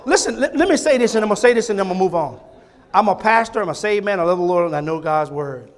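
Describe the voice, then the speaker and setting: A male pastor delivers a fervent sermon in a fairly high, light voice, pressing his points through repetition and rising volume. He then drops to a near hush to draw the congregation close. Folksy, conversational asides keep it personal. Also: lively intonation, quick pace. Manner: fervent preaching, swinging between loud emphatic repetition and hushed intimacy.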